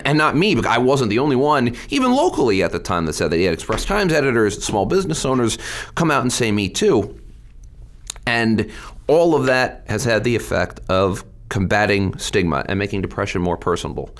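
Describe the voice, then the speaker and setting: A man's voice: medium pitch, sing-song, a little fast. A middle-aged man, a state representative, telling his story candidly in a podcast interview.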